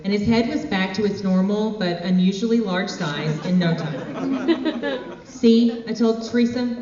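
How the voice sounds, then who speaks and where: A woman telling a comic personal story on stage with deadpan, wry asides. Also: medium pitch, a little hiss or hum. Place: stage in a hall. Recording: echoey hall, far from mic, dull.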